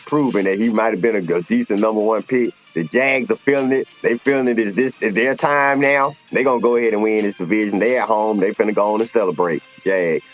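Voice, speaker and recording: A man's voice: lowish voice, fairly quick, hardly any pauses, soft background music. Opinionated man on a sports talk show. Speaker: co-host.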